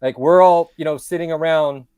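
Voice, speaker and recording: Male podcast guest, slightly high voice, dry close sound, long-winded and animated. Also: moderate pace, smooth, no echo. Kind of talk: casual podcast talk.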